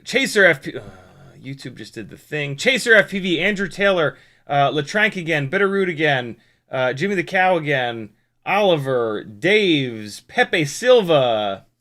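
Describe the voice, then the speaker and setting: A man's voice: on the high side, sing-song, a little slow, sharp tone. A man reading out chat on a casual live stream from his home workshop, rambling with self-mocking asides and frequent restarts.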